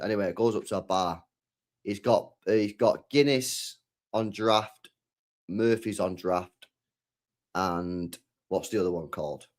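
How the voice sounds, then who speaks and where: A man's voice: fairly low pitch, darkish tone. A young man chatting casually, rambling, swearing freely and repeating himself in slang. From England. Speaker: streamer chatting with viewers. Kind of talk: casual chat.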